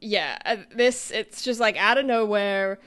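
A woman's voice: medium pitch, measured pace, a bit bright. Australian woman, podcast co-host, casual dry delivery. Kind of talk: casual chat.

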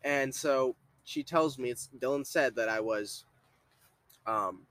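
A young man hosts a casual podcast in a mid-pitched voice. He is blunt and swears freely. He stammers through restarts as he recounts things. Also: takes it slowly, fairly bright tone. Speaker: podcast host.

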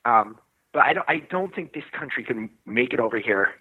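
An American man chatting as a guest over a video call, hesitant and halting, from an office building foyer. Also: mid-range voice, animated, husky, phone-quality sound. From United States.

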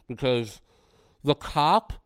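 A man co-hosting a podcast, talking about a film in a loose, animated way with many fillers. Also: mid-range voice, slow, clean tone, no echo. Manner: animated, loose, says "like" a lot. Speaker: podcast co-host. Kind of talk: casual film discussion.

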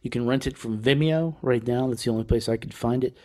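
A male music show host talking through records in a relaxed, unscripted way. His voice sits at an ordinary middle pitch, and he wanders through thoughts with plenty of fillers and restarts. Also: fairly quick. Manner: loose and rambling, with fillers and self-corrections; laughs lightly between remarks. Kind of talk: casual music review chat.

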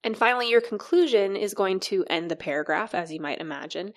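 A woman's voice: mid-range voice, animated, a little fast. Woman patiently explaining writing tips. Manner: patient, explains step by step with examples. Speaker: podcast co-host.

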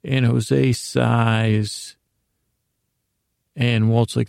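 Male podcast host, gravelly and mellow, meandering casual recap, dry close sound. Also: medium pitch, level tone, slow, long pauses, no echo. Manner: meandering, self-correcting, reads his notes aloud.

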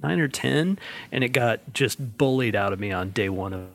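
A man hosting a casual panel chat, talking in a halting way with many fillers and no regional accent. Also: mid-range voice, expressive, vocal fry, a bit bright. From Alabama. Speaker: podcast host.

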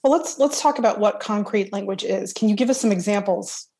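Measured woman hosting a podcast. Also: medium pitch, dark tone. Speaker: podcast host. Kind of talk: scripted intro and interview questions.

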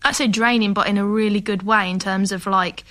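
A woman's voice: mid-range voice, steady tone, brisk, bright, forceful tone. A woman from England, a football pundit and podcast guest, telling stories in loose conversational chat. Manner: conversational storyteller, plenty of "like" fillers.

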